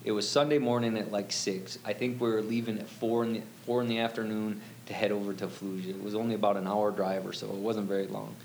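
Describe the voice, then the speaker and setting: A man's voice: fairly low pitch, fairly even intonation, fast, few pauses, darkish tone, slight background noise. A middle-aged man telling a personal story as an interview guest, rambling and full of "you know" fillers.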